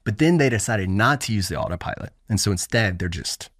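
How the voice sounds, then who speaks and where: A podcast co-host on a casual sports show tells stories at a brisk clip, growing more animated as he goes and rising in pitch when he gets worked up. The recording is studio quality with no echo.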